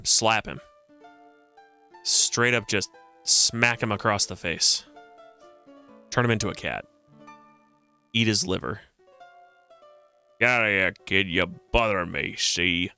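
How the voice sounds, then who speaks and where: A man's voice: lowish voice, a little slow, pauses often, sharp tone, clean tone, faint music behind. A man streaming a retro adventure game, joking around and reading the game's text aloud. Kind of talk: casual game commentary.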